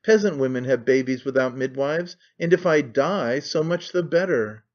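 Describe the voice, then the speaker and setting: A man's voice: mid-range voice, normal speed, darkish tone, natural voice. A man reading aloud who voices a sick young woman in labour, scornful and in pain, in a dull lo-fi recording. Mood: angry, anguished. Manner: scornful and imperious.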